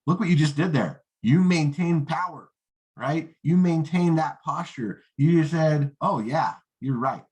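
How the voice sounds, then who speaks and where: A man's voice: measured pace, warm tone. A man teaching a network marketing lesson, confident, often checking in with "right?" and "okay?". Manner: confident, acts out rookie and prospect lines in higher voice; peppers talk with "right?" and "okay?". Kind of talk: coaching lesson.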